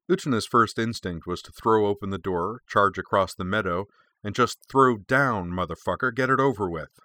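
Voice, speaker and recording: A man narrating an audiobook in a measured, expressive reading. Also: on the low side, no echo.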